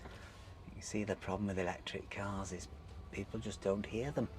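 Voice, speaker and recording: Driving a small electric car through village streets, a travel vlog host talks enthusiastically and casually about the scenery. His voice is on the low side, with a steady tone and moderate pace, set against a noisy background.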